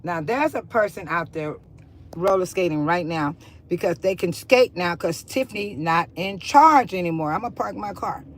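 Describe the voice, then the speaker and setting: A woman giving a casual walking-tour vlog, chatty and repetitive with sudden loud exclamations, recorded on a handheld phone while driving and walking outdoors. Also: fairly low pitch, animated, normal speed, slight background noise, rough recording. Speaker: local vlogger.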